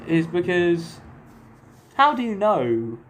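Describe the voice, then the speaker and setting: A man's voice: sits high, very animated, slow, slight background noise. A young man, co-hosting a casual, jokey podcast chat and telling stories with a lot of slang and laughter. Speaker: podcast co-host.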